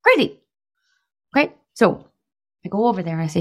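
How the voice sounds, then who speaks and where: A woman in her thirties giving a casual coaching talk, animated and laughing often, acting out quoted voices. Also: mid-range voice, fairly quick, long pauses. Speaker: podcast host and weight loss coach.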